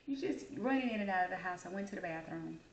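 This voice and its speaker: A woman chatting straight to her viewers, telling a story with big swings in her voice and a high squeal when she quotes herself. Her easy vernacular and y'all give it a homey feel, and the room adds a clear echo. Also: fast talker. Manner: animated, high squeaky voice for quoted childhood self; Southern-style American vernacular, addresses audience as y'all. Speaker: host.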